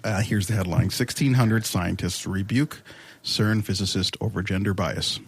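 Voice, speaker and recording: A man's voice: lowish voice, fairly even intonation, moderate pace, slightly rough. A man chatting on a podcast panel in a joking, hesitant way, with many restarts. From Canada. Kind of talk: casual chat.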